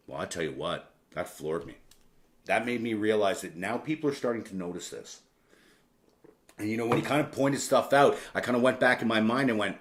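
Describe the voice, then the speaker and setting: A man's voice: lowish voice, animated, a little fast, fairly bright tone. Man telling a candid story casually. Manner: conversational, candid, swears casually, lots of asides. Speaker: podcast host.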